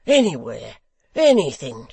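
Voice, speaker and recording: A man voicing a rough, impetuous young rioter who shouts loudly, with a gravelly edge. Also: fairly high pitch, very animated, a little slow, no echo, exaggerated voice. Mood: angry.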